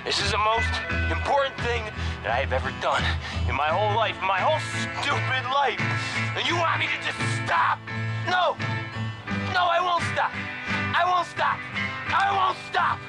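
Guy doing a fed-up band dude in a skit, high and swinging all over, ranting, loud music under it. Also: expressive, normal speed. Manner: defensive, escalating rants. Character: exasperated grown man, a frustrated band member.

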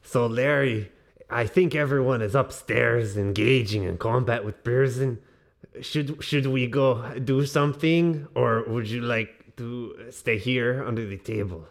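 A man's voice: medium pitch, unhurried, creaky. A man taking his turn as a player in a tabletop game, speaking playfully and partly in character. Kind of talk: casual tabletop game play.

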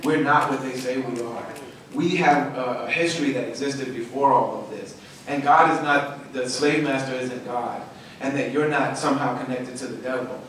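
Male storyteller, emphatic and animated, slightly raised pitch, distant mic with heavy room echo and faint noise. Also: normal speed. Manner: animated, emphatic, repeats words for stress. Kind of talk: passionate storytelling talk.

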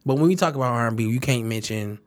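A man's voice: medium pitch, quick pace. A man with a Detroit accent, co-hosting a casual chat, joking and slipping into impressions. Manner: animated, joking, breaks into impressions and singing. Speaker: co-host.

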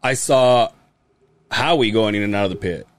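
A man's voice: fairly low pitch, normal speed, dry recording. A man hosting a podcast in casual chat, telling stories animatedly with plenty of swearing and mimicked voices. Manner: animated storyteller who swears often and mimics other people's voices. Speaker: podcast host.

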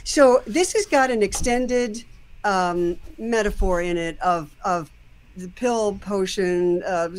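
Song-critique host: casual, thoughtful, explains at length, medium pitch, sings lyric snippets to make a point.

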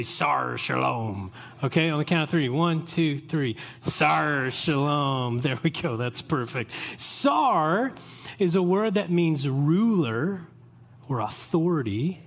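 Pastor, playful sermon. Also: male voice, a little high. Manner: playful, joking asides to the congregation.

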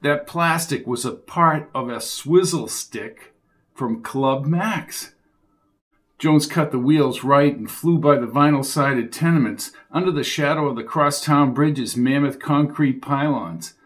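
A man reading a crime thriller audiobook with steady, driving storytelling. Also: a little high, unhurried. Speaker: audiobook narrator. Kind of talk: scripted thriller narration.

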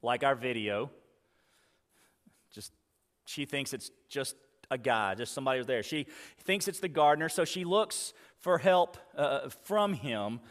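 A male pastor preaching a sermon, retelling scripture with dramatic pauses and slowing on key words. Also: medium pitch. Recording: long reverb of a church hall.

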